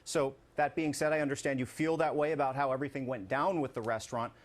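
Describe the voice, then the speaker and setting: A man's voice: medium pitch, fairly even intonation. A man moderating a televised debate, firm and businesslike, calling time and cutting in on candidates. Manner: brisk, firm, keeps time.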